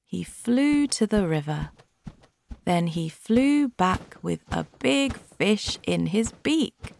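A woman reading a simple storybook aloud for learners, with clear, deliberate delivery. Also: lowish voice, lively intonation, darkish tone, slight background noise. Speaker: audiobook reader. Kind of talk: graded-reader storybook narration.

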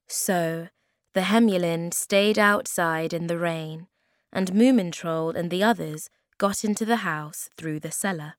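A woman reading a children's story aloud at a slow, clear, even pace. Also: on the low side, no room sound, clean studio sound.

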